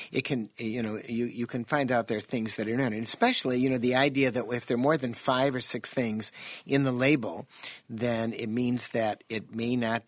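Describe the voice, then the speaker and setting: A man's voice: medium pitch, no room sound. An American man talking casually on a radio show as a nutrition guest, chatty and jokey. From United States. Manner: chatty, jokey, animated storyteller.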